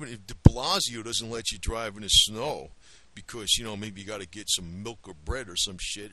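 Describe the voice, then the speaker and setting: A man's voice: fairly low pitch, pushed and bright. Blunt, ranting man with a New Jersey accent. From US Northeast. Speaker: video blogger. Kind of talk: rambling talk to camera.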